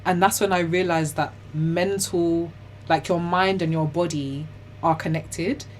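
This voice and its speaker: A young woman, telling her own story as an interview guest in a chatty, animated way, full of "like" and "you know". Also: on the low side, measured pace, slight background noise. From Ghana and the UK. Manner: laughs often while telling hard stories.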